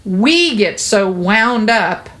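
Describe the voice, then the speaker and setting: A woman's voice: medium pitch, animated, very slow, fairly bright tone. A woman hosting a podcast, explaining child development in a chatty, earnest and reassuring way, filling her talk with "like" and "you know.". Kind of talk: casual podcast conversation.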